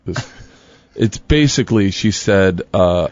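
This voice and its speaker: A male comedian telling a story as a guest on a radio show, animated and excitable, often breaking into laughter. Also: medium pitch, fairly quick, no room sound, lo-fi sound.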